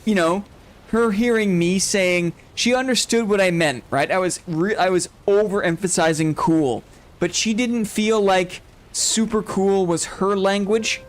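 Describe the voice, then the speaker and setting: Male streamer, high voice, rambling casual chat, laughs a lot. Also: a little slow. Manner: rambling, self-interrupting, laughs often. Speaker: streamer host. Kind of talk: casual chat while gaming, reading chat.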